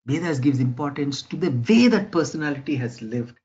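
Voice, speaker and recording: A man's voice: medium pitch, lively intonation, a little fast, dark tone, highs cut off. A man giving a lecture in a conversational way, often checking in with his listeners. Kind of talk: spoken lecture.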